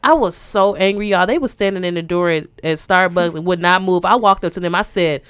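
A young woman co-hosting a casual podcast, telling a story with animated, laughing delivery. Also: lowish voice, fairly quick, clean tone, no echo, clean studio sound. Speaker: podcast co-host. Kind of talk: casual chat.

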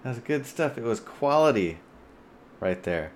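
A man's voice: medium pitch, sing-song, unhurried, a little hiss or hum. Guy cohosting a chill podcast on a video call, rambly, lots of uhs and ums. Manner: rambling, with many fillers and restarts. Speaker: podcast co-host. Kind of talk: casual podcast chat.

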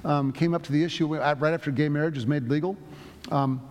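Telling stories from the pulpit, this pastor preaches conversationally in a church sanctuary, frequently backing up to restart his thoughts. His voice is a little high with fairly even intonation and a quick pace, echoing with the sanctuary's long reverb.

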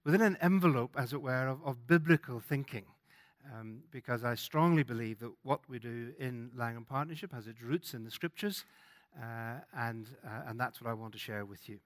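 A man's voice: medium pitch, normal speed. A man with a Northern Irish accent, giving a sermon as a guest preacher in a conversational way, with frequent fillers and restarts. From Northern Ireland.

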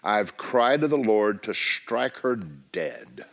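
A man's voice: lowish voice, sing-song, slow, a bit bright, exaggerated voice. A man preaching a sermon, quoting a distraught middle-aged mother who pleads with her pastor about her daughter. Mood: pleading. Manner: pleading, complaining.

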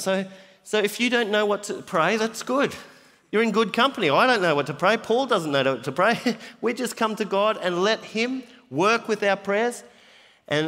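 Male pastor, chatty sermon delivery, high-pitched, recorded with long hall reverb. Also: fairly bright tone. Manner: conversational, laughs easily, loses his notes.

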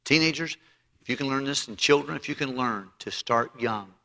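A man's voice: mid-range voice, moderate pace, vocal fry, bright, forceful tone. A man preaching a sermon as pastor, emphatic and storytelling, often restarting his phrases, in a church auditorium. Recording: long hall reverb.

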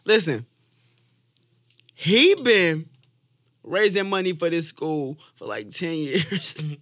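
A man co-hosting a casual chat, joking loudly and mocking. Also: fairly high pitch, animated, slow, no echo, clean studio sound. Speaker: podcast co-host.

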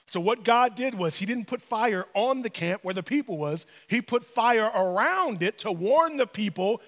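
A male pastor preaching a sermon in an animated, humorous storytelling manner in a church. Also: high-pitched, normal speed. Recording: long hall reverb.

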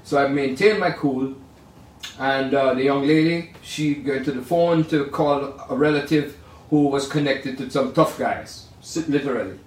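An older man, a jazz pianist, telling rambling, animated stories in a casual way. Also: medium pitch, moderate pace. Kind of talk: casual storytelling. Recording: roomy sound from far off.

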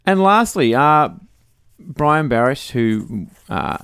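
A man's voice: mid-range voice, very animated, slow pace, fairly bright tone, clean tone, dry recording, studio quality. A middle-aged Australian man co-hosting a casual podcast, joking and reading out listener messages. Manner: jokey, reads out listener messages. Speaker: podcast co-host. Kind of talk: casual chat.

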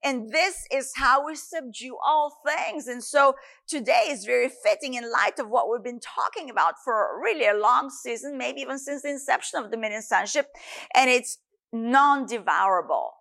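A woman's voice: sits high, expressive, moderate pace, vocal fry, a bit bright. A woman preacher delivering an earnest sermon with repeated, emphatic phrasing.

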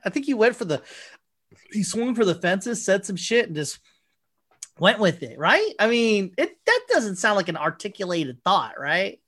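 A man's voice: high-pitched, expressive, unhurried, a bit bright. A man in casual podcast chat, rambling through stories and acting out the people he quotes, swearing freely.

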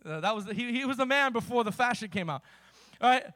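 A man's voice: extremely high pitch, expressive, fast, pushed and bright, no room sound. A man preaching a sermon as pastor, with impassioned delivery and vivid storytelling.

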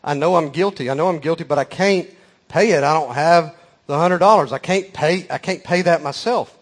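A man voicing a meek, tearful young woman who pleads softly with a judge. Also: on the high side, moderate pace, natural voice. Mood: pleading.

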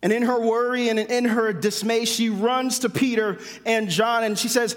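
Male preacher, high-pitched, conversational sermon delivery, long reverb of a large hall. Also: normal speed. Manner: conversational, self-correcting, with humorous asides.

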